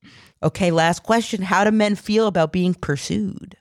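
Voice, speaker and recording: A woman's voice: mid-range voice, moderate pace, no room sound, clean studio sound. A woman hosting a casual podcast chat, who riffs with jokes and asks her guest questions. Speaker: podcast host.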